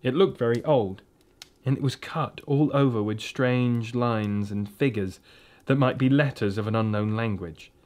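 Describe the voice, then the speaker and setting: A man reading a children's storybook aloud, in a gentle, steady and expressive way. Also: medium pitch, measured pace. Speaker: reader.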